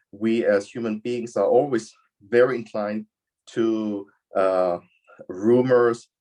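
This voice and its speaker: A man presenting slides over a video call, speaking haltingly with frequent fillers. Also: lowish voice, warm tone. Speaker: invited expert speaker. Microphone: computer microphone on a video call.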